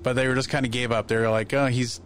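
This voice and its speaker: A man in casual podcast chat, telling lively anecdotes and acting out the voices of people in them. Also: medium pitch, quick pace, slight background noise. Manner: animated anecdotes, acts out quoted voices. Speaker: podcast guest.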